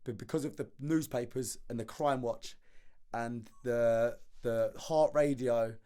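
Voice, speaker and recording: A man, a podcast guest telling his story in casual conversation, animated and slangy, often repeating words as he acts out the dialogue. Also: mid-range voice, measured pace.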